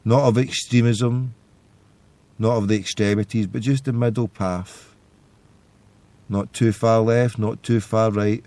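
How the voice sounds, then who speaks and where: A man's voice: fairly low pitch, fairly even intonation, a little slow, long pauses, mellow. A man, hosting a podcast and telling stories in a loose, rambling monologue. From Scotland. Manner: rambling storytelling. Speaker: podcast host. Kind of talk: casual monologue.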